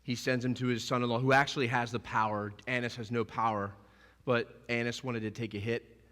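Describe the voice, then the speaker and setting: A male pastor preaching a sermon, animated and emphatic, acting out scenes as he goes. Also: mid-range voice, fairly quick, in a large hall. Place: church sanctuary.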